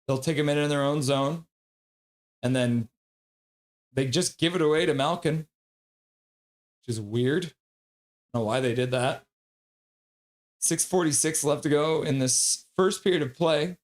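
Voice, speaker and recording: Male streamer, fairly high voice, live hockey play-by-play with chat reading. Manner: rapid play-by-play, bursts into loud excited voices when reading chat.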